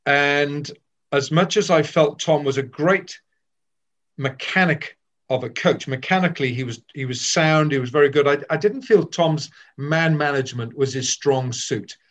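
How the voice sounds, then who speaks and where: Older man, from Wales, candid storyteller, animated, slightly high voice, frequent restarts. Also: moderate pace. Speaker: former cricketer. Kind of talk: reminiscing storytelling.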